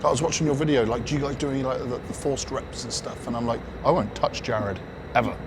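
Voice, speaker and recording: A man's voice: medium pitch, fast, background noise. A man with a British accent chatting casually as a training partner in a gym.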